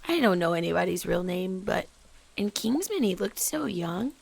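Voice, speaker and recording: A woman hosting a casual let's play, chatting excitedly and sometimes dropping into whispers as she plays. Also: on the low side, normal speed, gravelly, slight background noise. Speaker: gaming channel host.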